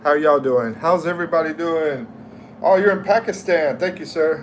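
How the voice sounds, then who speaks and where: There's a slight hiss or hum behind this fairly high-pitched male voice. He's a middle-aged American hosting a relaxed livestream, slowly and cheerfully reading viewers' names and comments aloud while chatting.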